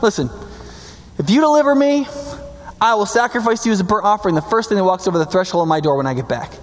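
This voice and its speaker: Brief: man playing an earnest, bargaining warrior, high male voice, echoing hall. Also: expressive, quick pace. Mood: pleading. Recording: long hall reverb.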